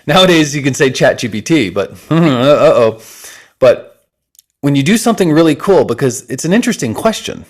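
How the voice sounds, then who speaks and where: A man, an interview guest, talking with energy and laughter, then leading a breathing exercise in soft, slow instructions. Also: a little high, animated.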